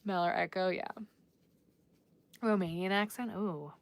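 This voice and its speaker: Bright-voiced woman chatting on a livestream. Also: medium pitch, lively intonation, normal speed, no echo. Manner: chatty, laughing, playfully trying out accents. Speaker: crochet livestream host. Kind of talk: casual live-stream chat with viewers.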